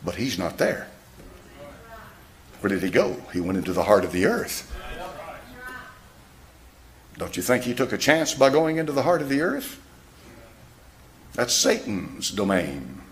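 A man's voice: on the low side, big pitch swings, measured pace, long pauses. A man preaching a sermon in a church, firing rhetorical questions at his congregation. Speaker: pastor.

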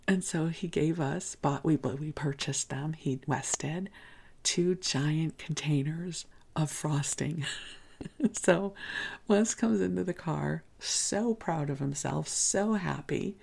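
Soft-spoken woman with a gravelly low voice. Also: takes it slowly. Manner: gentle, often whispery, with soft laughs. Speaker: podcast host. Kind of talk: soft-spoken bedtime storytelling.

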